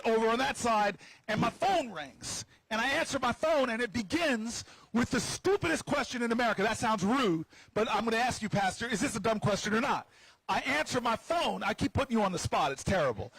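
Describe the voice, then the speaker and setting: A man with a high, husky voice tells a story to a crowd outdoors. He is playful and teases his listeners, often stumbling over and repeating his words as he goes. His voice sounds close and dry. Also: animated, brisk, fairly bright tone, dry recording, poor audio. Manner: stammering restarts and repeated words. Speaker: senator. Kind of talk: storytelling speech at an outdoor rally. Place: outdoors on building steps at a rally.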